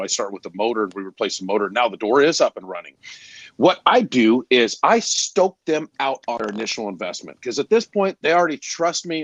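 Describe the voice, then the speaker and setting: A man as a rambling, animated tradesman storyteller, dry close sound. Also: fairly low pitch, no echo. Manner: animated, acts out dialogue in stories; rambling, loses his train of thought. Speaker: garage door salesperson. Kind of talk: casual interview storytelling.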